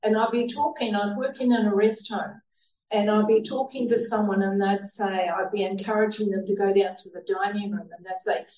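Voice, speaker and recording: A woman's voice: mid-range voice, steady tone, brisk, a little mellow. New woman telling her faith story, earnest, sounds a bit far off in an echoey room. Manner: earnest storytelling, laughs now and then. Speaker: church member sharing a testimony. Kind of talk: personal faith testimony. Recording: roomy sound from a distant mic.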